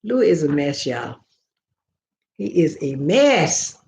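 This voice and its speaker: A woman's voice: deep voice, big pitch swings, slow, darkish tone. An older woman, chatting casually to her viewers in a rambling, folksy storytelling way. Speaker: vlogger. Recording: roomy, slightly dull sound.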